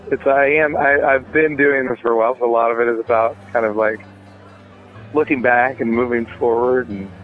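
A man talking casually about his music as an interview guest, rambling with many fillers and restarts. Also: mid-range voice. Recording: tinny phone line.

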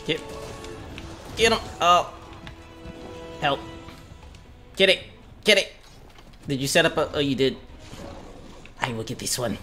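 A man commentating his own live game stream, his pitch leaping around as he jokes, curses and yells at the screen. His voice is bright and forward, with faint game music underneath. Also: takes it slowly, pauses often. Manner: excitable, swearing, jokey, yelling at the game.

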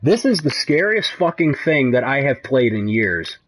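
A man's voice: mid-range voice, very animated, moderate pace, fairly bright tone. A young man commenting on a horror game, frightened and swearing as he talks to himself. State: shaking with fear. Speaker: gamer.

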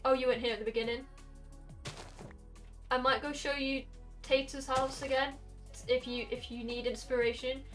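A woman's voice: high voice, a bit bright. A young Welsh woman chatting casually with her viewers while playing a game on stream, rambling from one thought to the next. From Wales. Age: young adult. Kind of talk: casual gaming stream chat.

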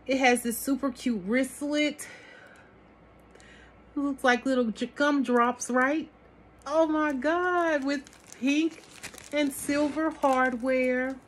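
A woman's voice: high-pitched, fairly even intonation, takes it slowly, slight background noise. A woman vlogging an unboxing of a haul, gushing over each item and talking to her viewers as sis and y'all. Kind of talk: product unboxing chat.

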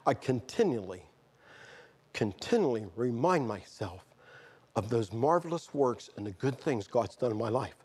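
A middle-aged man, preaching a sermon and telling a personal testimony, moving from quiet storytelling to fervent outbursts. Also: mid-range voice, animated, moderate pace, a little hiss or hum. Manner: earnest, swings from quiet storytelling to shouted fervor.

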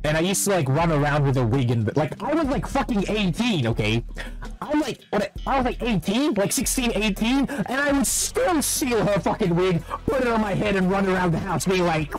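A man telling stories casually as a streamer, excitable and swearing constantly. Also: sits high, normal speed, low-quality recording. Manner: profane, excitable storytelling. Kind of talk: casual chat.

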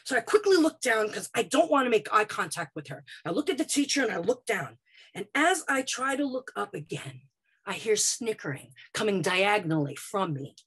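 A woman from Brooklyn performs a first-person story for a live audience. Her middle-pitched voice has a slightly husky, breathy grain. She tells it vividly and dramatically, sometimes dropping quiet, sometimes pushing loud. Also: sing-song, normal speed. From Brooklyn, United States.

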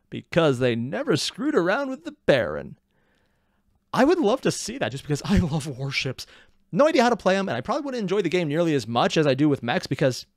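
A man's voice: mid-range voice, no echo, clean studio sound. A man hosting a casual reaction video, joking and sarcastic as he comments. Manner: animated, sarcastic asides, laughs at own jokes. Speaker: reaction channel host.

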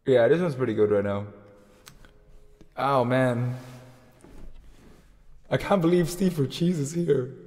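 A man's voice: mid-range voice, slow pace, pauses often, darkish tone, big-room sound. A man hosting a music livestream, chatting casually with viewers between songs and laughing often. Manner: giggly, laughs often while talking.

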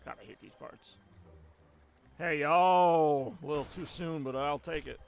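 A man's voice: on the high side, a little slow, creaky. A man streaming a game live, rambling and joking as he chats with his viewers. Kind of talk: casual live stream gameplay commentary.

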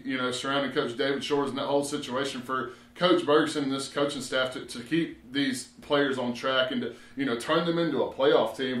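A man co-hosting a local sports show, breaking down high school football with lots of filler words. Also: a bit bright. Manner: rambling, many "you know" fillers. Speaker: sports reporter co-host. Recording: roomy echo.

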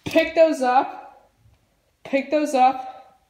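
A woman's voice: high voice, steady tone, drawn-out words, warm tone, echoey room. A woman playing an exasperated mother who firmly scolds her child and gives orders. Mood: scolding. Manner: firm, scolding, giving orders. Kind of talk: fan parody voice acting.

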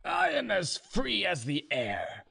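A man's voice: high voice, huge pitch swings, slow, gravelly, pushed and bright, husky, voice pushed up, heavily acted. A man voicing a boastful, contented male serf who is drinking brandy, speaking in an easygoing, smug way.

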